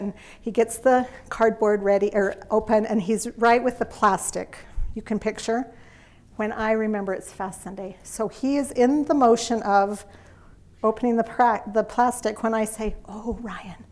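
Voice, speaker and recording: A middle-aged woman giving a live parenting workshop, telling stories in an animated way and laughing often. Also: fairly high pitch, normal speed. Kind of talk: live talk to an audience.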